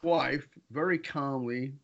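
A man's voice: mid-range voice, takes it slowly, gravelly, lo-fi sound. A man telling a story in conversation as an interview guest, acting out quotes with big jumps in his voice.

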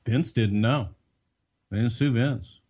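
A man talking in a casual podcast chat, gruff and hesitant, stumbling over his words and cursing freely. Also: medium pitch, takes it slowly, a little mellow. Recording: dull, lo-fi sound.

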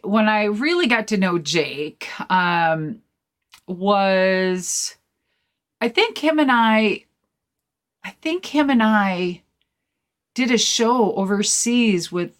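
A woman guest-hosting a podcast, telling stories in a rambling, animated way with lots of fillers and swearing. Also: fairly low pitch. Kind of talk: casual storytelling chat.

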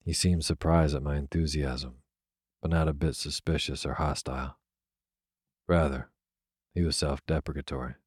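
A man reading a classic novel aloud as a soft, unhurried bedtime story. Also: very deep voice, husky, no room sound, studio quality. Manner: soft, even, unhurried delivery. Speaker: narrator. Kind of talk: slow, soothing sleep-story reading.

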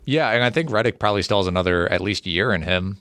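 A man's voice: sits low, quick pace, fairly bright tone, dry recording. A man co-hosting a podcast, chatting casually about basketball trades and agreeing along with his co-host.

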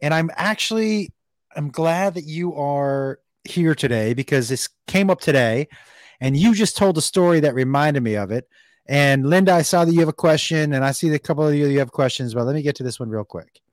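A man's voice: fairly high pitch, a little fast, dry recording, clean studio sound. A man hosting a casual talk who asks earnest questions and thinks aloud. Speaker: podcast host. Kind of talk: casual chat.

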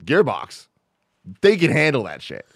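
A man co-hosting a podcast, telling a story in relaxed casual chat and swearing offhandedly. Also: mid-range voice, measured pace, gravelly, no room sound, clean studio sound. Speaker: podcast co-host.

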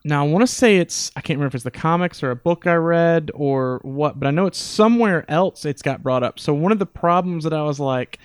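A man hosting a casual podcast, chatting in a relaxed way and asking his guest questions. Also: a little high, normal speed, clean tone, no echo, clean studio sound. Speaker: podcast host.

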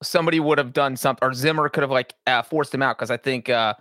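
A man's voice: mid-range voice, fast, bright, forceful tone, no room sound, clean studio sound. A man co-hosting a casual sports talk show, chiming in with hesitant fillers. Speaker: podcast co-host.

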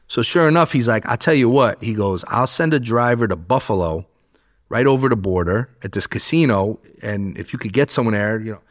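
Animated man telling a story. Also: medium pitch. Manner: animated, swears, acts out quotes. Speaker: podcast guest. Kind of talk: casual storytelling.

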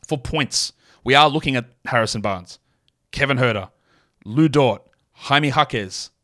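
A man's voice: mid-range voice, a little slow, bright, forceful tone. A man hosting a fantasy basketball podcast, talking through his picks in a rambling, self-correcting way full of fillers. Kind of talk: solo podcast analysis.

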